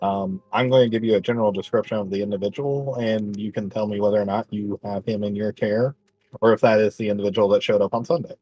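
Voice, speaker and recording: A man plays his character in a tabletop game, speaking haltingly and politely with frequent fillers. His voice is low and husky. The sound is close and dry. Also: steady tone, mellow, no room sound, muffled recording. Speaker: player.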